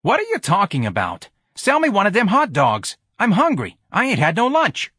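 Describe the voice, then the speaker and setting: A man voicing a surly teenage boy who talks in rough, sneering slang. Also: high-pitched, huge pitch swings, moderate pace, sharp tone, no echo, studio quality, voice pushed up, exaggerated voice. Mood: demanding.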